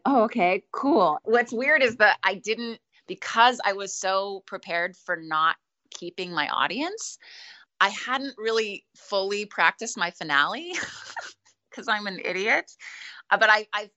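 A woman who is a street performer, telling stories in a casual interview, chatty and self-deprecating and quick to laugh. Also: mid-range voice, sharp tone.

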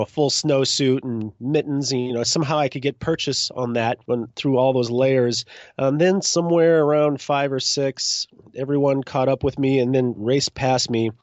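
A man in his forties from Minnesota, a juggler telling his story as a guest in a relaxed, self-deprecating way. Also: mid-range voice, no room sound, dull audio. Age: 40s. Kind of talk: casual interview.

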